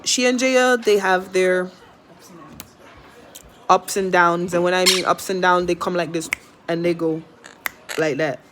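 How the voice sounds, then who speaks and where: A woman's voice: lowish voice, steady tone, a little slow, long pauses, noisy background. Chatty woman vlogging at home. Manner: chatty, rambling, with fillers. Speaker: vlogger with a pet parrot. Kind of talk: casual chat to camera.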